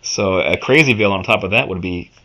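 A man hosting an interview, eager and laughing often, with halting phrasing. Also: lowish voice, pushed and bright. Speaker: interview host. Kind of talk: fan interview. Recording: muffled lo-fi audio.

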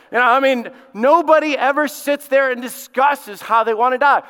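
A male lead pastor preaching a sermon, emphatic, with dramatic pauses and repetition. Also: very high voice, a bit bright, clear, resonant tone, in a large hall. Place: church sanctuary.

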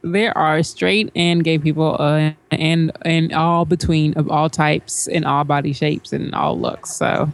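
Low-voiced woman chatting casually. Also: steady tone, unhurried, few pauses. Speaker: podcast co-host. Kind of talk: casual chat.

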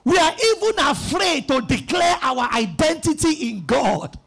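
A man's voice: extremely high pitch, animated, measured pace, vocal fry, a bit bright. A male pastor preaching an emphatic sermon, calling on the congregation to repeat after him. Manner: emphatic, call-and-response preaching.

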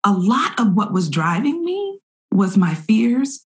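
Middle-aged woman, podcast guest, earnest and animated, mid-range voice. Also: mid-range voice, slow pace. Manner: earnest and expressive, acts out her own inner voice. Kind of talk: candid conversational testimony.

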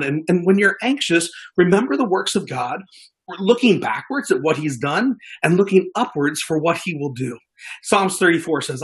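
A man's voice: on the high side, a bit bright, husky. A man preaching a sermon as a pastor, earnest, often repeating words as he builds his points.

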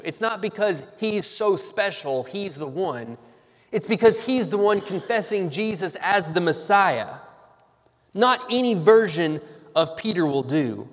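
A man preaching a sermon, teaching slowly and deliberately with emphatic stresses on key words. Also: on the high side. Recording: long reverb of a large hall.

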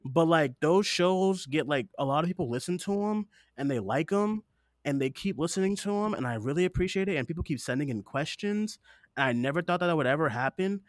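A man's voice: a little high, lively intonation, fairly quick, no room sound. A man with a slightly raised voice hosts a podcast, rambling earnestly and swearing casually as he gets teary-eyed. He speaks close into a desktop mic, and the sound is dry. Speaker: podcast host. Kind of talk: casual chat.

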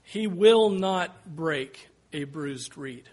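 A man's voice: fairly high pitch, animated, extremely slow. A man preaching a sermon, making earnest, pleading appeals that suddenly swell in volume.

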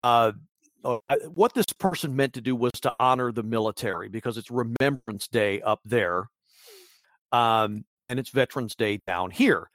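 A man's voice: medium pitch, moderate pace, fairly bright tone, no room sound, clean studio sound. A man hosting a casual sports podcast, rambling and wry with lots of fillers. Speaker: podcast host.

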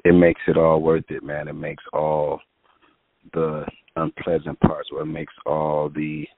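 Deep-voiced man telling a story over a tinny line. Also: unhurried, creaky, no room sound. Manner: animated storyteller, acts out quotes, lots of fillers. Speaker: music producer guest. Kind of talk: casual storytelling in an interview.

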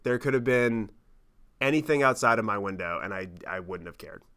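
Podcast guy telling a travel horror story, swears a lot, jokes about himself, bright punchy voice. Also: lowish voice, normal speed, smooth. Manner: animated, profane, self-mocking storytelling. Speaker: podcast host. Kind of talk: casual storytelling monologue.

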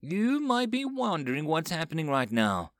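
A man voicing an ancient, pleasant cosmic being that speaks calmly and precisely. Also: medium pitch, moderate pace, no room sound, studio quality.

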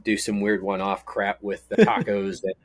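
A middle-aged man from Texas with a very low, deep voice, chatting loosely on a podcast. He rambles through stories with a joking, easygoing manner, and his voice sounds close and dry with no room echo. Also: level tone, normal speed. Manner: rambling, storytelling, jokey. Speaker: podcast co-host. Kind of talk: casual podcast chat.

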